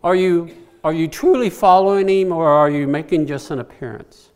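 A man's voice: a little high, normal speed, hardly any pauses, clear, resonant tone. A man preaching a sermon, who repeats his key phrases and puts questions to the congregation. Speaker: pastor.

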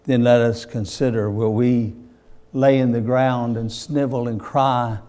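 A man preaching a sermon with fervent, building delivery and loud bursts on quoted lines. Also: medium pitch, fairly even intonation, unhurried. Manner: fervent, rising to shouts on acted quotes.

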